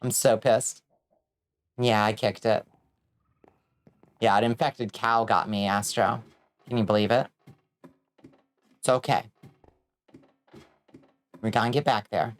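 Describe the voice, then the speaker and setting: Woman, game streamer, casual chat with viewers, excitable, swears a lot. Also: very deep voice, slow pace, pauses often. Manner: excitable, screams and swears when in danger.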